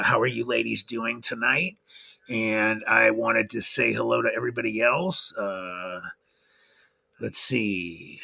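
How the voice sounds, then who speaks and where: Gravelly slow-talking man. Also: medium pitch, sharp tone. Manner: greets viewers by name one after another. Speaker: livestream host. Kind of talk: casual livestream chat.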